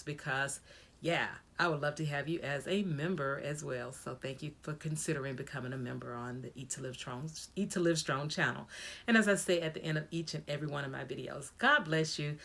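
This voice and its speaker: A woman's voice: low-pitched, fairly bright tone. Upbeat woman vlogger giving a pep talk. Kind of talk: casual motivational video diary.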